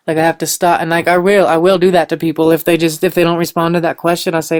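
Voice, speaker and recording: Young guy rambling upbeat about mindset, smooth voice, dry close sound. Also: fairly high pitch, little pitch movement, fast talker, dry recording. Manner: loose and rambling, with lots of "like" and "you know"; earnest, upbeat and preachy. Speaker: podcast host. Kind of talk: motivational podcast monologue.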